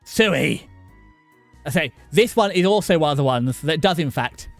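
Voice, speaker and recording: A man's voice: on the high side, expressive, vocal fry, faint music behind. A middle-aged man chatting casually with his viewers while playing a game. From southern England. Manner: chatty, talks to chat by name, halting restarts. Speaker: streamer. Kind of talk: casual live-stream chat over gameplay.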